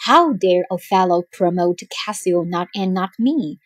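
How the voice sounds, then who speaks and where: A woman's voice: fairly low pitch, animated, measured pace, no room sound. A woman voicing a bitter, scheming old male soldier in a storybook reading, speaking slyly. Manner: sly, scowling.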